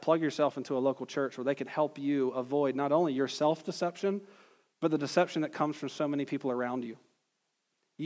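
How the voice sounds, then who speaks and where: A man preaching a teaching sermon in an earnest way, acting out quoted voices in his illustration. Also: fairly high pitch. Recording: long hall reverb.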